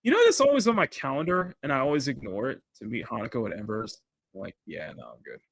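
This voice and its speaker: A man's voice: medium pitch, expressive, quick pace, dry recording. A man hosting a casual livestream while he draws, rambling and restarting his sentences, with frequent laughter. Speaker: livestream host.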